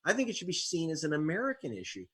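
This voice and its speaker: A man's voice: fairly high pitch, wildly swooping pitch, racing, fairly bright tone, breathy edge. A man, an investigative reporter and author, being interviewed as a guest, talking in a wry storytelling way with sarcastic jabs. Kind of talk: interview conversation.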